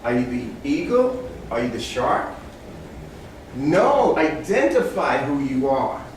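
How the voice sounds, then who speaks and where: A man's voice: a little high, sing-song, slow pace, slight background noise. A man giving a motivational talk to a small live group, telling animal stories and acting out the animals' voices with big shifts in energy. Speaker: motivational speaker. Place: room with a small audience. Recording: echoey room, speaker far from mic.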